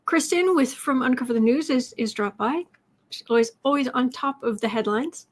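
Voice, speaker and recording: Tarot reader host, woman, slightly high voice, loose and chatty, thinks aloud between questions. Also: moderate pace. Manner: chatty, reads out questions, talks to her cat in a soft baby voice. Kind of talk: casual livestream chat.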